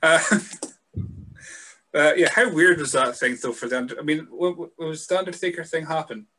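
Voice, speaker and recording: Brief: male podcast host, laid-back and sweary, bright forward voice. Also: fairly high pitch, moderate pace, slight background noise. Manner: easygoing, sweary, hesitant with fillers. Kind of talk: casual podcast chat.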